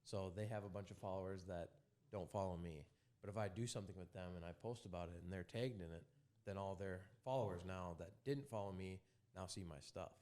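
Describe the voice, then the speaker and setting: A young man in a casual chat, earnestly explaining social media marketing and pausing to find his words. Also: sits low, mellow. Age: young adult. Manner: earnest, trails off and searches for words.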